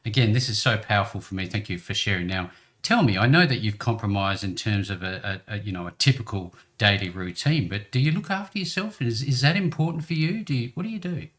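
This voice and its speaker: A man's voice: on the low side, a little fast. A man hosting a business interview show, encouraging his guest and laughing along with him. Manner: warm, encouraging, laughs often. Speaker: host.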